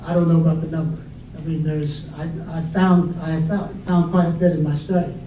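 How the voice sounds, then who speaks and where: Halting man in a roomy far-off recording. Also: on the high side, level tone, warm tone. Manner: halting, many restarts and repeated words. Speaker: debate panelist. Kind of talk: unscripted debate talk. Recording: distant, roomy, dull with faint noise.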